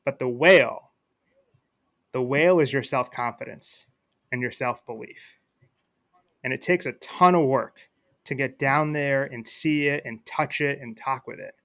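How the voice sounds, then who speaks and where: Podcast guest: man with a bright voice, casual and reflective, telling a story. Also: mid-range voice, unhurried, pauses often, no echo. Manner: reflective, many fillers and restarts. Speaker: guest, attorney.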